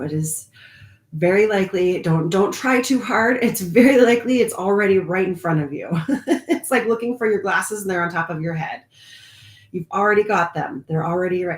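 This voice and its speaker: A woman whose voice is fairly low in pitch leads a live online spiritual group from an echoey room. Warm and confiding, she laughs often and at times speaks slowly.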